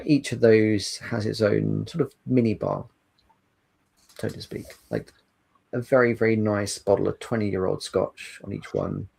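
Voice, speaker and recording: A man narrating as game master, setting scenes in an unhurried, descriptive way. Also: lowish voice, vocal fry, darkish tone, breathy edge, rough recording.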